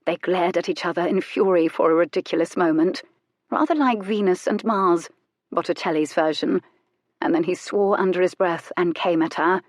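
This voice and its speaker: A woman with a lowish voice reads scripted audiobook narration in an intimate, measured storytelling style. The recording is dry and of studio quality.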